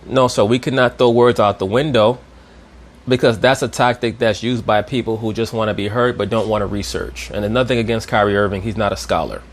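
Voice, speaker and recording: A man's voice: fairly low pitch, a little fast. A man giving a lecturing commentary, didactic and checking in with his listeners. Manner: didactic, repeats "you understand?".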